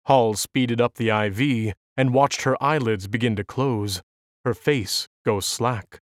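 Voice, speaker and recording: An audiobook narrator reading a novel in a measured, even storytelling manner. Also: mid-range voice, no echo, studio quality. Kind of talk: scripted narration.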